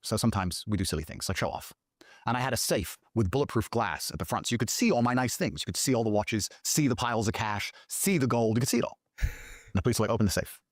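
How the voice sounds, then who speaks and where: A middle-aged man, a guest on a podcast, tells a long story with animation, cursing freely and mimicking other people's words in mocking voices. His voice is fairly low and fast, captured in a dry, studio-quality recording.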